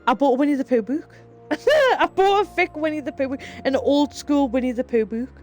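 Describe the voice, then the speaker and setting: A woman's voice: sits high, lively intonation, normal speed, darkish tone, faint music behind. A woman, chatting casually with her live chat, laughing often and telling rambling stories. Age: 30s. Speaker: streamer.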